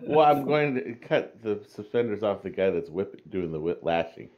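A man's voice: fairly low pitch, sing-song, normal speed, muffled recording. A man playing in a tabletop game, asking rambling, mischievous questions. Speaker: player.

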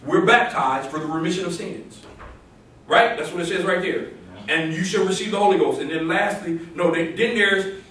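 Man, pastor, sermon, high voice, emphatic call-and-response, roomy church echo. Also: normal speed, fairly bright tone. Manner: rising to emphatic exclamations, quoting scripture, call-and-response. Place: church sanctuary. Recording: echoey church room from a distance.

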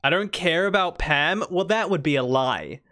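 A woman's voice: sits low, lively intonation, normal speed, a bit bright. Chatty young woman streamer, mild Kiwi accent. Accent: New Zealand, mild. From New Zealand. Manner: chatty and rambling, teasing chat, with restarts. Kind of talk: casual gaming livestream chat.

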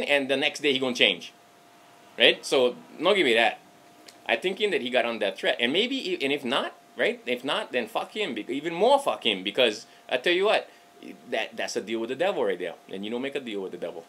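A man's voice: medium pitch, big pitch swings, brisk, sharp tone, breathy edge. A man with a Hawaiian Pidgin accent, ranting casually to camera about politics, joking and swearing freely. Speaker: political vlogger.

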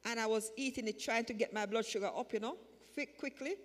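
A woman's voice: on the high side, fast talker, long reverb tail. A woman telling her personal testimony at a church service, in a repetitive, emphatic way that builds in fervor. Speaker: church member giving a testimony. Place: church sanctuary.

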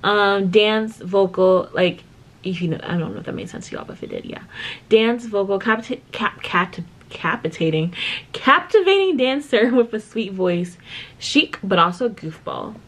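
A woman's voice: medium pitch, normal speed. A woman hosting a casual reaction video, chatty and gushing, often apologizing for getting carried away. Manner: gushing, chatty, keeps apologizing for her excitement. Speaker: reaction channel host. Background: music from the video she reacts to.

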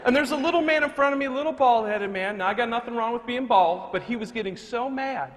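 Brief: high-pitched man, motivational speaker, big echoing hall, faint background hiss. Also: fast talker. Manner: animated and humorous, swings between loud punchlines and hushed moments. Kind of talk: live motivational speech with storytelling. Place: large hall before a live audience. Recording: long reverb of a large hall, faint noise.

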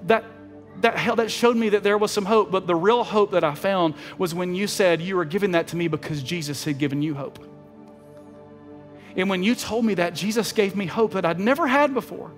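A man preaching from the pulpit with a fairly high, lifted voice. His earnest, heartfelt storytelling carries through a long church reverb, with soft music faintly underneath. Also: fairly quick. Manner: earnest, emotional storytelling with repeated phrases. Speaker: pastor. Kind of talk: sermon storytelling. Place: church sanctuary.

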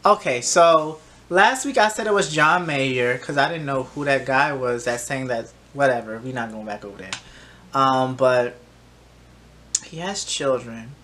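A woman's voice: extremely low pitch, measured pace, a bit bright. A woman giving casual reaction commentary on a TV singing show, talking back to the screen with sass. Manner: sassy, talks back to the screen. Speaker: reaction vlogger.

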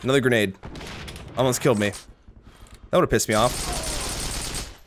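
A young man giving live commentary over his own gameplay, sarcastic and swearing, with sudden high-pitched bursts of panic. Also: a little slow, background noise. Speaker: gaming commentator.

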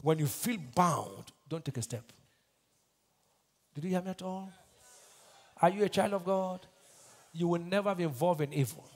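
A Nigerian pastor preaching a sermon, asking the congregation to finish his lines and swinging between shouted bursts and quiet asides. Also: high-pitched, animated, moderate pace, long pauses. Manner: call-and-response preaching, asks the crowd to finish his lines.

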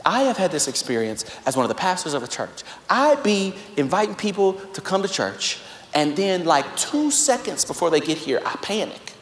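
A young pastor delivers a live sermon in a high voice. He swings between loud exhortation and hushed, soft storytelling. The sound carries the long reverb of a large hall. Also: sing-song, normal speed, slight background noise. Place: large church auditorium.

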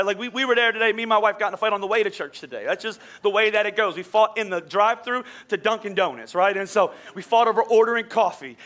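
High, bright-voiced man preaching. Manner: energetic, swings from loud preaching to quiet asides; repeats words, stumbles and restarts. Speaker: pastor. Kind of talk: sermon.

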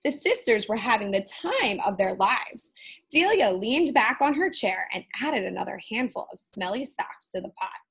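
A woman teacher reading a Halloween picture book aloud to children with expressive storytelling. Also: mid-range voice, moderate pace, husky, poor audio.

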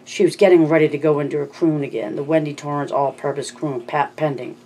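An audiobook narrator reading a novel in a steady, measured scripted style. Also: medium pitch, slight background noise.

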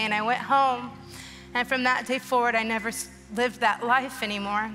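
A woman's voice: on the high side, steady tone, moderate pace. A woman in her thirties giving an emotional, earnest testimony sermon on a church stage, urging the crowd with rising urgency. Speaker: guest speaker. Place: large church auditorium. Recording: long hall reverb with soft music behind.

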